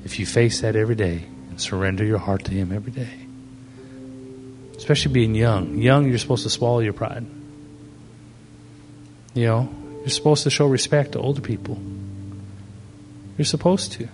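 Pastor preaching with faint music behind. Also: male voice, mid-range voice, moderate pace, pauses often. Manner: preaching to young people with questions and stories. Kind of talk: sermon.

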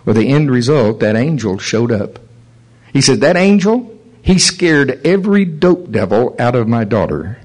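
A man's voice: medium pitch, unhurried, low-quality recording. Male preacher telling stories in a sermon. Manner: animated storytelling, chuckles at his own stories. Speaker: pastor.

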